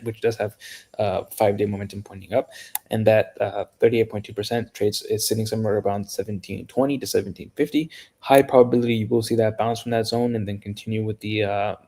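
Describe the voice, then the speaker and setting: Fast, gravelly male chart analyst. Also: fairly low pitch, steady tone, dark tone. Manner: rapid, technical, with self-corrections. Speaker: market analyst.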